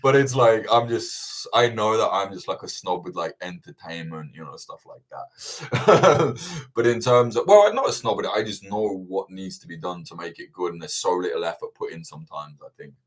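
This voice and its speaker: A young man hosting a livestream Q&A, chatting casually, swearing a lot and ranting with animated energy. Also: sits low, moderate pace. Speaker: livestream host answering viewer questions. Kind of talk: casual chat.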